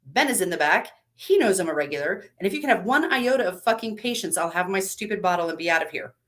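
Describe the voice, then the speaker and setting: A woman reading a live story, voicing an exhausted woman whose clipped, bitter talk rises toward shouting. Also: on the low side, animated, quick pace. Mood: angry. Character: furious exhausted woman at breaking point.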